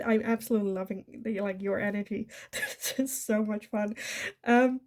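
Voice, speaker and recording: A woman from the Netherlands does a chatty pick-a-card tarot reading in a medium-pitched, darkish voice that keeps a steady tone and moderate pace. She laughs often and acts out the lines she imagines people saying.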